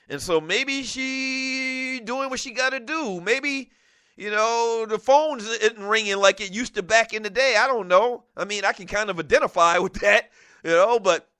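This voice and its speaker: A man hosting a call-in sports talk show, talking in an animated, casual way, laughing often and dropping "man" into his sentences. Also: high-pitched, no echo, studio quality.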